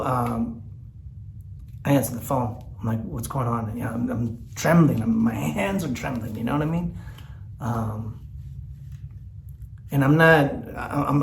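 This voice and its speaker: A man's voice: mid-range voice, vocal fry, echoey room, slight background noise. A man talks candidly in a personal vlog, teary and rambling, with lots of fillers and restarts. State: teary, choked up. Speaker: vlogger. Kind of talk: emotional personal vlog talk.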